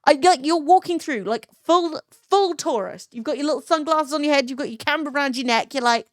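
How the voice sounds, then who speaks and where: British woman streamer, bright higher voice, chatty and sweary, dry close-miked. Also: brisk, no room sound. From London, England. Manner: chatty storytelling, swears freely, laughs often. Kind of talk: casual chat.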